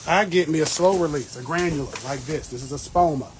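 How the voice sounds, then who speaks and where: A man's voice: on the high side, a little fast, noisy background. Chatty man hosting a garden livestream. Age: 30s. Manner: chatty and playful, greets viewers by name. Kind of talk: casual live-stream chat. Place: outdoor garden beds. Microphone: phone livestream.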